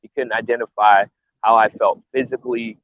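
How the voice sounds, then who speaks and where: A bare-knuckle fighter and coach speaks in a casual interview, his voice on the low side, steady, and fairly quick. Earnest and a little emotional, he often restarts sentences, coming through a tinny, phone-like video call with a dry sound and no room sound.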